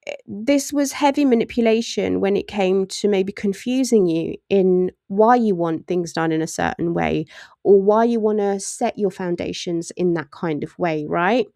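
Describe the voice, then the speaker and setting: A woman's voice: medium pitch, moderate pace, gravelly, warm tone, no echo, studio quality. A woman giving a casual tarot reading, chatty and laughing often as she acts out little voices in asides. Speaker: tarot reader.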